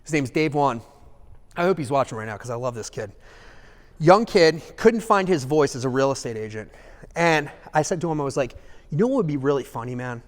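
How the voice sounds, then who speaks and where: A man giving a live seminar talk in an animated way, acting out examples and checking in with the audience. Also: a little high, normal speed, in a large hall. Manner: animated, acts out examples, asks the audience "okay?". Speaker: seminar speaker.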